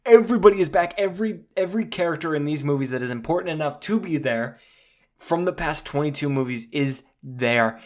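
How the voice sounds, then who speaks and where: A man hosting a podcast, excitedly recapping a movie in casual chat, swearing and saying "dude" a lot. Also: on the high side, a little fast. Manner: animated, swears freely, says "dude" often. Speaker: podcast host.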